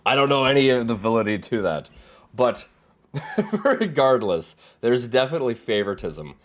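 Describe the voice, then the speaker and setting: A man's voice: medium pitch, lively intonation, moderate pace. A young man hosting a reaction video, making rambling, unsure asides. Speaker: reaction channel host. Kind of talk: casual reaction commentary.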